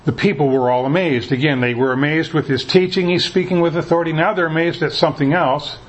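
A man's voice: on the high side, fairly even intonation, fast talker. A man preaching a sermon as pastor, talking in a conversational way and often repeating words as he restarts.

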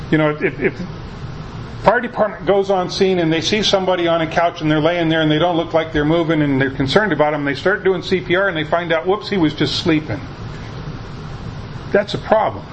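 A man's voice: a little high, fairly quick, highs cut off, a little hiss or hum. A male pastor preaching a conversational sermon, often restarting his sentences as he explains a passage.

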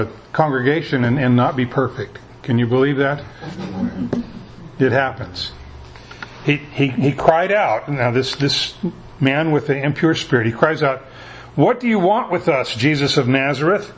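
A man preaching a sermon as pastor, talking in a conversational way and often repeating words as he restarts. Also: a little high.

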